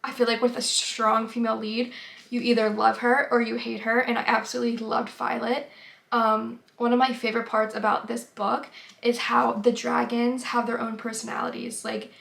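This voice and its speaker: A woman's voice: a little high, level tone, moderate pace, creaky, a bit bright. A young woman in her twenties talking casually in a book vlog, chatty with many fillers, sometimes dropping to a whisper. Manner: chatty, filler-heavy, drops to whispers at times. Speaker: book vlogger.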